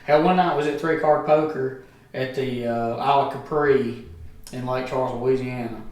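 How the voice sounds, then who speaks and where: A man's voice: mid-range voice, steady tone, normal speed, a little mellow. A middle-aged man, a guest telling a profane, rambling story in casual chat. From Alabama, US. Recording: echoey room, distant mic.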